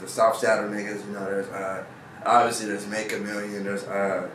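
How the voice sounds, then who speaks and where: A man's voice: on the low side, little pitch movement, normal speed, fairly bright tone, recorded from a distance, slight background noise. A young man from the Everett area of Washington, a rapper guest chatting casually on a podcast, laid-back, saying "bro" a lot. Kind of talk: casual chat. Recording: echoey room, set back from the mic.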